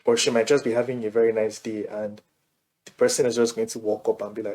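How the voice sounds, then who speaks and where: A man's voice: fairly low pitch, little pitch movement, fast talker, a little mellow. A man hosting a reaction video, giving laid-back casual commentary and chuckling between remarks.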